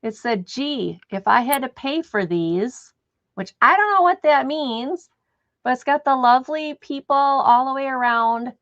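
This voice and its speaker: A chatty woman hosting a live sale, with a fairly high voice. She thinks aloud as she goes. The sound is dull, lo-fi and dry, with no room echo. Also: lively intonation, unhurried, a bit bright. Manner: chatty, thinks aloud while describing items. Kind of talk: casual live sale chat. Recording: dull, dry lo-fi stream audio.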